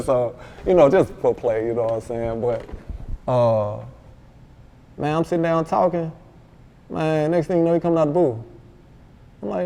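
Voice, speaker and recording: A man with a Memphis accent, a rapper telling a story in a casual interview, animated and full of slang, acting out what others said. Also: on the high side, moderate pace, pauses often. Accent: Southern US, Memphis. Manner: animated, slangy, acts out quoted dialogue. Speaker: rapper guest.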